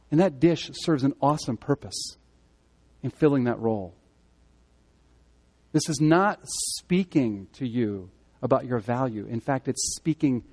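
A man giving a sermon as pastor, speaking conversationally and swinging between loud emphatic moments and quiet earnest ones. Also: sits high. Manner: conversational preaching, rising and falling in emphasis.

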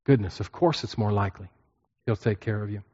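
A man's voice: on the low side, fairly quick, darkish tone, slightly rough. A man preaching and teaching from scripture to a group. He often repeats his points and checks in with his listeners. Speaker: pastor teaching a class. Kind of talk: sermon-style Bible teaching. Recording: dull lo-fi recording.

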